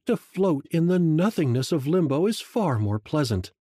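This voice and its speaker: A man reading a first-person audiobook in a slow, hushed, measured way. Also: on the high side, big pitch swings, husky, dry recording, clean studio sound. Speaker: audiobook narrator. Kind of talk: first-person scripted narration.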